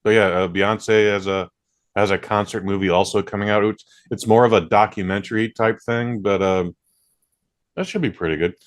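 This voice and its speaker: A man's voice: on the low side, steady tone, normal speed. A man hosting a podcast, chatting casually and ranting with plenty of swearing. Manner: ranting, profane. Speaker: podcast host. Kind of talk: casual chat.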